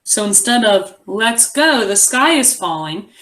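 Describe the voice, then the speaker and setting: Young woman teacher reading a story to kids, bit high voice, lively and encouraging. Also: a little slow. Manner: encouraging, expressive read-aloud. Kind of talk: online class reading lesson.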